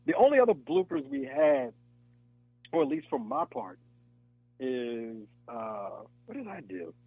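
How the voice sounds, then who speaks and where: A man, an actor, talking in a relaxed interview and telling animated stories, acting out voices and laughing often. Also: a little high, a little slow, creaky, husky, dry recording, lo-fi sound. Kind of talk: casual interview chat.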